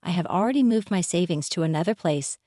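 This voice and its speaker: A woman's voice: lowish voice, expressive, quick pace, warm tone, no echo, clean studio sound, lightly acted. A woman voicing a scheming, angry middle-aged husband in a storybook reading, blustering and indignant in manner. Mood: smug.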